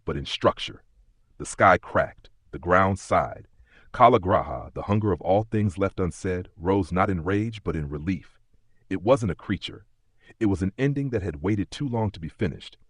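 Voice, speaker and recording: A man narrates an audiobook in a measured, solemn voice, pausing often. His tone is low and husky, recorded dry and close. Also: dry recording. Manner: measured, solemn, many pauses. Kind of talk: scripted narration.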